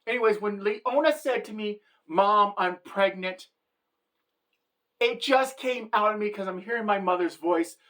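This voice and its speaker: A woman's voice: medium pitch, brisk, hardly any pauses. A middle-aged woman telling a comedic story as a satirical vlogger, brash and chatty.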